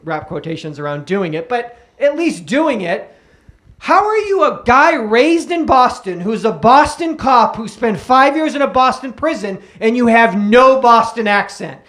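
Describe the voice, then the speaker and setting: A man's voice: very high-pitched, sing-song, unhurried, fairly bright tone. A man co-hosting a podcast in casual comedic chat, riffing and slipping into mock voices. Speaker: podcast co-host.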